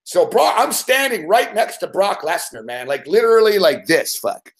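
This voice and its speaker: A man's voice: high-pitched, big pitch swings, normal speed. A man telling a rambling story in casual chat, swearing constantly and acting out growls and laughs. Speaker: show regular telling a story.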